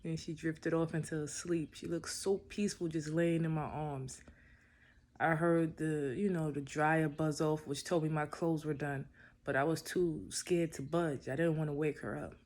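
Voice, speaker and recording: A man's voice: on the high side, flat delivery, moderate pace, darkish tone. Young guy telling a romance story, super laid back, lots of little fillers. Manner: laid-back, peppered with "you know". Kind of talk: casual spoken love story.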